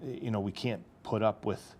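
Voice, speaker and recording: Man, farmer, interview guest, halting, deepish voice. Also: steady tone, a little mellow, slight background noise. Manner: earnest, halting, many restarts. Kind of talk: casual interview talk.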